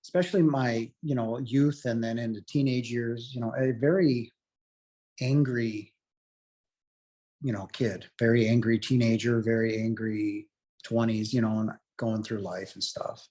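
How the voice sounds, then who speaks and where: A man's voice: mid-range voice, fairly even intonation, measured pace, dark tone. A middle-aged man earnestly telling his personal story as an interview guest, rambling along with lots of "you know" fillers.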